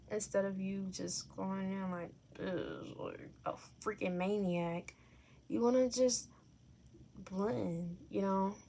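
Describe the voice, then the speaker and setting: Slow, chatty young woman vlogger. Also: mid-range voice, vocal fry, darkish tone, a little hiss or hum. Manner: chatty and candid, with fillers and self-corrections. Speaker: makeup vlogger. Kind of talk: casual makeup tutorial. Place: at home, filming herself.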